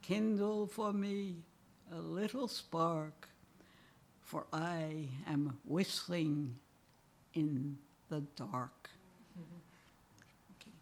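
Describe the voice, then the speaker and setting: An older woman poet giving a poetry reading, deliberate and measured, with chuckles between poems. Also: low voice, a little hiss or hum.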